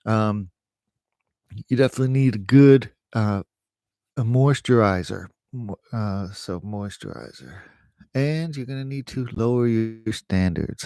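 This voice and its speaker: A man giving rambling, casual advice in a home vlog, laughing at his own jokes and trailing off quietly. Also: fairly low pitch, unhurried, clean tone, no echo. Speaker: vlogger sharing home remedies.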